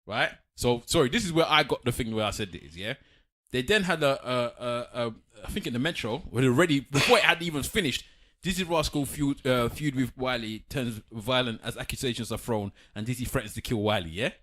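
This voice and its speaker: A man's voice: mid-range voice, brisk. A man co-hosting a podcast, chatting casually and retelling stories with quotes. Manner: animated storytelling, reads out quotes. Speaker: podcast co-host. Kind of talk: casual chat.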